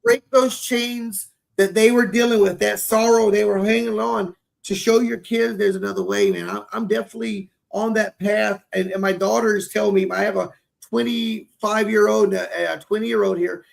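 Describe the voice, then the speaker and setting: A man in his forties co-hosting a podcast, talking earnestly and warmly about fatherhood, often repeating words as he gathers himself. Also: high voice, normal speed, vocal fry. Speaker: podcast co-host. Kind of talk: heartfelt casual conversation.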